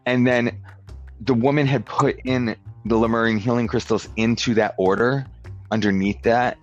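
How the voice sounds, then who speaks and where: A man's voice: medium pitch, steady tone, moderate pace, muffled recording, soft background music. A man telling a rambling story in casual chat, filling it with "like" and acting out what people said. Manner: rambling storyteller, many "like"s, acts out dialogue. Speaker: podcast guest.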